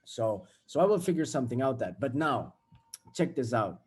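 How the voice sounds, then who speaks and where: A man's voice: mid-range voice, very animated, moderate pace, slightly rough. A young man giving a casual, blunt motivational talk, swearing freely and acting out everyday scenes. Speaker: self-development vlogger.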